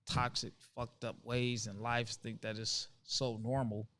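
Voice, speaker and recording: A man's voice: mid-range voice, flat delivery, measured pace, a bit bright, dry recording. A man hosting a casual conversation, talking earnestly and emphatically and often repeating his points to drive them home. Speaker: host.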